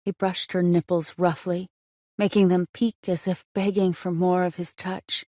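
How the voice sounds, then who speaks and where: A woman's voice: on the low side, flat delivery, moderate pace, darkish tone, no room sound, clean studio sound. A woman narrating a romance audiobook in a scripted reading style.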